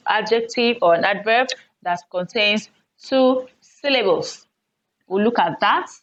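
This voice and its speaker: A woman teacher giving an online English lesson on word stress, patiently explaining rules and repeating example words loudly with raised pitch. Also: dull audio.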